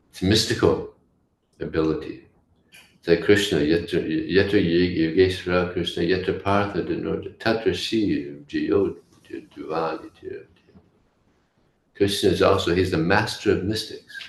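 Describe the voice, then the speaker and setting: A man teaching a scripture class, telling stories in a halting way with restarts. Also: low-pitched, creaky. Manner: halting, with restarts and story voices. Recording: echoey room, faint hiss.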